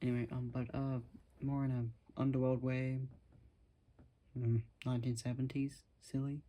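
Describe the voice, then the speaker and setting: A man talking casually to his camera at home, rambling and self-deprecating, in a musing, soft-spoken way. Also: medium pitch, level tone, moderate pace. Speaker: vlogger.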